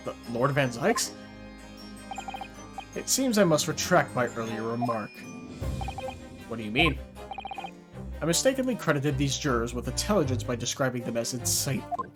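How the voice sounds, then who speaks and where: A man's voice: mid-range voice, lively intonation, moderate pace, long pauses, lightly acted. A man voicing a haughty aristocratic prosecutor who speaks in a pompous, archaic way, with game music behind. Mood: scornful.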